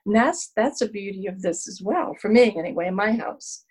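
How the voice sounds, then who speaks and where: A woman sharing her own story at a recovery meeting, candid and self-deprecating, telling it with animated asides. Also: medium pitch, brisk, husky, rough recording. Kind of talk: personal sharing at a support meeting.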